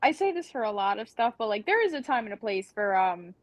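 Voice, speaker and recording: A woman's voice: mid-range voice, sing-song, brisk, no echo, highs cut off. A woman, a band's singer, chatting casually as a guest on a podcast, with many ums and likes.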